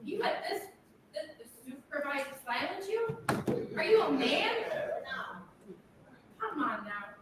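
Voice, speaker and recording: A woman's voice: sits high, very animated, takes it slowly, pauses often, noisy background. A woman making an angry, confrontational public comment at a township board meeting, scolding and mocking an official. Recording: echoey hall from far off.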